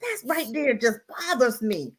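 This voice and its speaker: A woman's voice: fairly high pitch, big pitch swings, unhurried, noisy background. A woman co-hosting a casual chat, talking emphatically and laughing often. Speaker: co-host reacting to a documentary. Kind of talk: casual live-stream chat.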